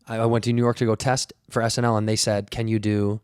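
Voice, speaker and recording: A man's voice: mid-range voice, fast, clear, resonant tone, no room sound, studio quality. A male comedian chatting casually as a podcast guest, rambling and acting out bits. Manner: animated, rambling, acts out bits.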